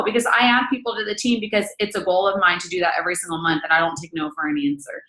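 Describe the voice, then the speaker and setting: A woman's voice: medium pitch, steady tone, fast talker, hardly any pauses, bright, forceful tone, echoey room, poor audio. A woman in her thirties leading a casual book-study talk, blunt and matter-of-fact. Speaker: team leader hosting a book study.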